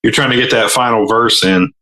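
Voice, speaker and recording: A man with a bright, forceful voice, chatting casually on a podcast. He tells crude, joking stories and jumps into the voices of the people in them. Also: medium pitch, brisk, roomy sound, poor audio. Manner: crude, joking storyteller, acts out quotes. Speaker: podcast co-host.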